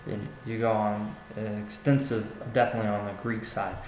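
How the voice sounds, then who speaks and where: In an echoey room with faint background noise, a young male student offers peer feedback on a classmate's paper. His voice sits on the low side, darkish and fairly flat in pitch, at normal speed, and he's hesitant, filling in and restarting often.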